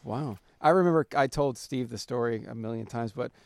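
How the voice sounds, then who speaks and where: A man hosts a podcast with a gravelly, fry-heavy voice, teasing his guests and cracking crude jokes. The sound is dry and close, with no room around it. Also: mid-range voice, a little fast, darkish tone, no echo. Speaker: podcast host. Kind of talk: casual chat.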